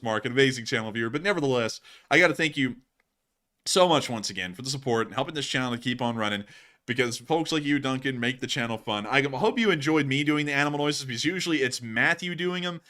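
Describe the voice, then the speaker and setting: A man hosting a livestream, chatting casually and jokingly as he reads out viewer donations. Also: mid-range voice. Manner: animated and jokey, lots of fillers. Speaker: livestream host.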